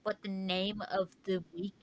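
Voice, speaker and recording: A young woman co-hosting a casual podcast, giving quick blunt answers and moving things along. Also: mid-range voice, little pitch movement, dry recording, poor audio. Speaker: podcast co-host. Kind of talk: casual chat.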